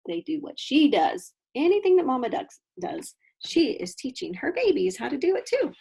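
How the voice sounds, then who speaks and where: A woman teaching kindergarten, reading a picture book aloud with an animated, questioning storybook voice and stopping to explain things to the children. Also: high voice, moderate pace, vocal fry, husky.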